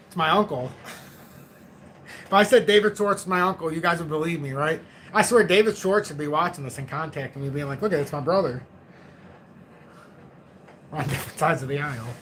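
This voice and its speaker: Man, forties, livestream host, casual, self-mocking, slightly high voice, faint background noise. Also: a bit bright. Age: 40s. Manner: joking, rambling, self-mocking.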